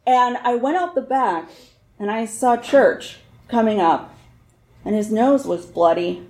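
A woman's voice: fairly high pitch, lively intonation, unhurried, warm tone, echoey room. A woman telling a personal story on stage with a wry, candid, laughing manner.

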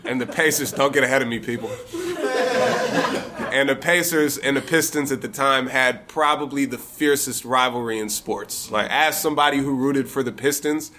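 A man's voice: mid-range voice, normal speed, background noise. A man from Michigan telling a personal story live, in a conversational, amused way with casual swearing.

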